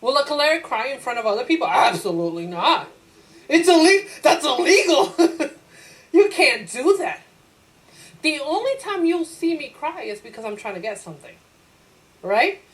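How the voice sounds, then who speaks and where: Animated woman teacher lecturing a class. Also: sits high, moderate pace, low-quality recording. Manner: lively, acts out her own inner voice in quotes; laughs easily, asks the class rhetorical questions.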